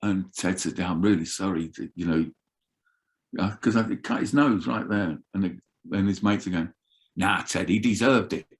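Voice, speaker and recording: An older man telling roadie stories in an animated, swearing way as an interview guest. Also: low voice, moderate pace. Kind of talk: casual storytelling.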